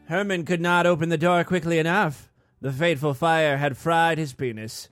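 Podcast host guy, fairly high voice for a man, reads a story all mock-serious, faint music behind. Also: steady tone, moderate pace, fairly bright tone. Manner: lowered, mock-solemn narrating voice. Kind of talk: mock-dramatic story reading.

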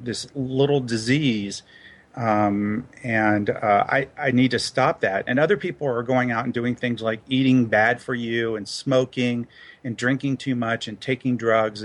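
A man's voice: medium pitch, fairly bright tone. A man being interviewed in a casual chat, talking hesitantly with lots of fillers and restarts. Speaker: interview guest. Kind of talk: casual podcast conversation.

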